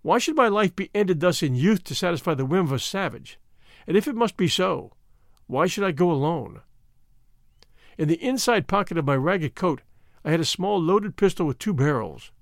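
Expressive male audiobook narrator. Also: sits high, no echo, clean studio sound. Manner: expressive, measured storytelling. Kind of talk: audiobook narration of an adventure novel.

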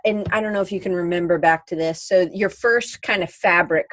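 A woman's voice: fairly low pitch, fairly even intonation, fairly quick, a bit bright, dry recording. Chatty woman hosting a podcast. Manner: chatty, reads out listener comments, laughs easily. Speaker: podcast host. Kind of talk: casual podcast interview.

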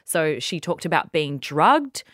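A woman's voice: deep voice, very animated, unhurried, a bit bright, dry recording, studio quality. A woman co-hosting a casual podcast chat, earnestly retelling news in long lists. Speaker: podcast co-host.

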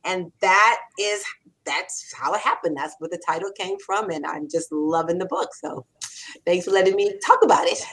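A woman in her sixties, a copywriter and author, talking in an animated interview and acting out quoted lines. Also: on the low side, normal speed, poor audio. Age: 60s. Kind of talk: conversational interview.

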